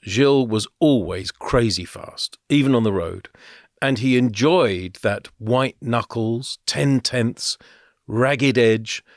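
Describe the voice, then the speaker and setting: A man's voice: mid-range voice, dry recording, studio quality. Chatty man on a podcast. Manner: chatty, storytelling, with fillers and laughs. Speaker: podcast co-host. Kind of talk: casual podcast chat.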